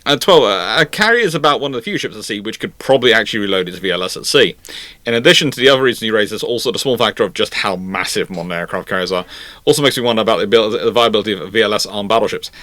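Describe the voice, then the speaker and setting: Low-voiced man rambling through comments. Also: expressive, very fast, pushed and bright, dry recording. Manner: rambling, self-correcting, chatty. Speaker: history channel host. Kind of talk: casual commentary reading viewer comments.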